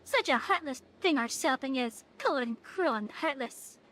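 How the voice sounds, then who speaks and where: A woman's voice: high voice, animated, moderate pace, fairly bright tone, slight background noise. A woman voicing a vain, teasing fairy king, reading game dialogue aloud in a dramatic, sing-song way. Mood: theatrical.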